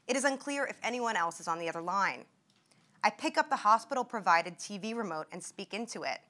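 A young woman reading aloud from her own memoir at a talk, in a measured, vivid way. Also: medium pitch, expressive, bright, forceful tone. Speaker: author and former patient.

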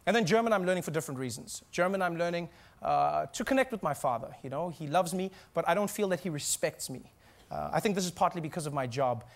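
A man from South Africa performing a stand-up comedy set on stage, animated and acting out little voices. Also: fairly high pitch, quick pace. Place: theater stage before a live audience.

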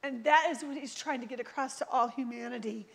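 Woman preacher, high voice, lively storyteller who plays out the dialogue, church sermon. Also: brisk, creaky, breathy edge. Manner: animated storytelling, acts out quoted voices.

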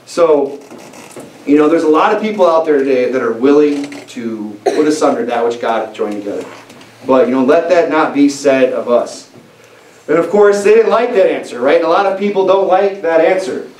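Preaching in a church sanctuary, a man speaks at normal speed in a fairly high, slightly mellow voice. His sermon is emphatic and conversational, with frequent restarts. Echo from the room, a distant mic, and faint hiss mark the recording.

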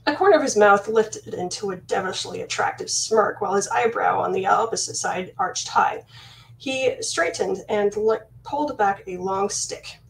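A woman reading her own fantasy novel aloud in the first person, with steady, measured storytelling. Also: medium pitch, vocal fry, a little hiss or hum. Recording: voice slightly distant from mic.

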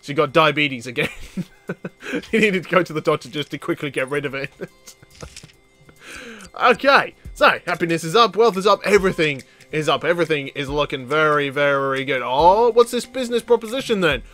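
A man commentating on a let's play in a chatty, excitable way, laughing often. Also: on the high side, normal speed, soft background music. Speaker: gaming video host.

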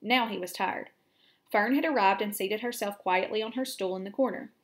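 A woman's voice: mid-range voice, moderate pace. Woman reading a storybook aloud. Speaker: teacher. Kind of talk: reading a children's book aloud.

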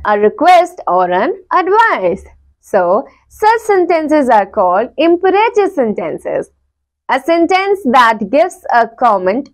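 A woman teacher, explaining a grammar lesson slowly and repeating each example. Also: on the high side.

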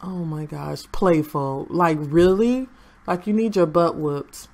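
A woman's voice: low-pitched, slow, darkish tone. A young woman chatting through her gameplay and talking to the game characters. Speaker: gaming channel host. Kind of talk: casual gameplay commentary.

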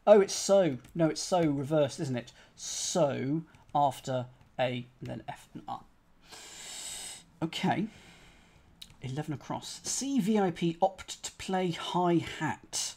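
Slow, musing man solving clues. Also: on the high side, expressive, darkish tone. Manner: musing, spells out letters, talks to chat. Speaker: crossword streamer. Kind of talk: thinking aloud while solving live.

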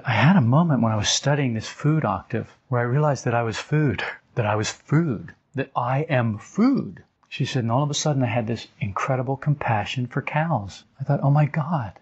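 An older man giving an informal spiritual talk as a teacher, telling stories and acting out quotes with his voice jumping higher. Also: husky. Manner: animated storytelling, acts out quotes with rising pitch. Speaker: esoteric teacher. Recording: dull lo-fi recording.

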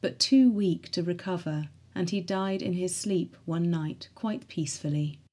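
Woman reading a diary, mellow voice. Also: lowish voice, unhurried.

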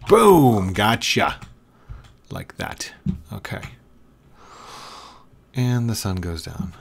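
A man's voice: low-pitched, expressive, slow pace, gravelly, a little mellow, slight background noise. A man giving casual commentary while playing a block-building game, coaxing an animal along with frustrated, repeated commands. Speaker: gaming video creator.

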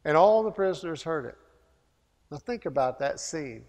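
A man preaching a sermon as pastor, emphatic, with repeated rhetorical questions and loud peaks. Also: on the high side, lively intonation, moderate pace. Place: church sanctuary. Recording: long hall reverb.

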